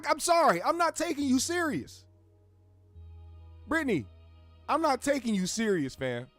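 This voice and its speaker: Male host, high voice, blunt profane commentary over faint music. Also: no room sound. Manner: heated, blunt, swears a lot, slangy. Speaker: show host.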